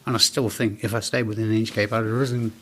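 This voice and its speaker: A businessman in his forties tells his stories with animated energy. He slips into the voices of the people he quotes, keeping an easy, conversational tone throughout the interview. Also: lowish voice, fast talker. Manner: animated anecdotes, acts out quoted dialogue. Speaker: business owner guest. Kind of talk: casual storytelling interview.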